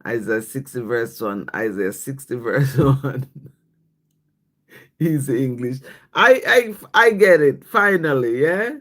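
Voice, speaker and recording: Slow, lively-pitched livestream host. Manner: slow, repeats "yes?" after each thought, thanks viewers by name; reads scripture and viewer comments aloud. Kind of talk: casual devotional livestream chat.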